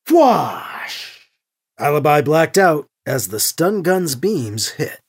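A man who hosts and writes the show, narrating a science fiction story and then speaking to listeners as an expressive storyteller. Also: a little high, measured pace, breathy edge. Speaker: host and writer. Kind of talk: audiobook narration.

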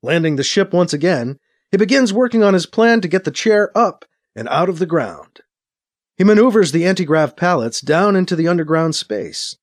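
A man reading a science fiction story as narrator, in steady storytelling narration. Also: a little high. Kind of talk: scripted narration.

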